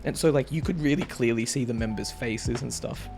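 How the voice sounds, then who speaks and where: A man in his twenties chatting excitedly and casually as a vlogger, full of slang like bro and dude. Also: medium pitch, brisk, vocal fry, over music. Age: 20s. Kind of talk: casual chat.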